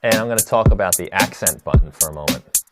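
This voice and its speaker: A man teaching a live tutorial on drum sequencing, chatty and relaxed, answering viewer questions as he demonstrates. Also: low-pitched, quick pace, loud music behind the voice. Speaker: music production instructor.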